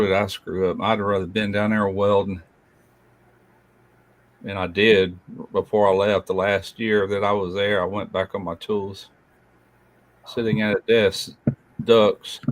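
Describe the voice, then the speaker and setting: An older man hosting a relaxed evening chat, slipping easily into folksy stories. His delivery is blunt and plain-spoken. The sound is dry and close, with no room around it. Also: lowish voice, dry recording. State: feeling unwell. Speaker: host. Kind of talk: casual live chat.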